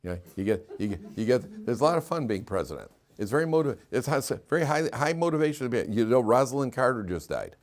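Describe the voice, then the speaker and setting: A man's voice: medium pitch, fast talker, hardly any pauses. A middle-aged man, a rabbi, teaching a class, telling anecdotes with laughter and putting questions to the room. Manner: animated storyteller, laughs through anecdotes, asks the room questions. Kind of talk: storytelling Torah class. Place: classroom with listeners.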